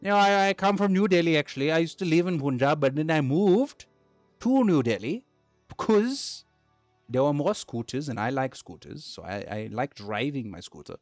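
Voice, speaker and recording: A man's voice: fairly high pitch, lively intonation, moderate pace, no echo, soft background music, lightly acted. A man voicing a chatty Indian man who loves his scooter, in an exaggerated put-on Indian accent. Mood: cheerful.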